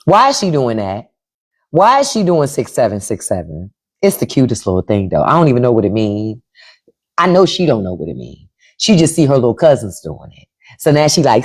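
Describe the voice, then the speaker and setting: A woman's voice: rumbling low, big pitch swings, brisk, darkish tone. A middle-aged woman hosting a casual livestream from home into a microphone, acting out quoted voices as she talks. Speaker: livestream host.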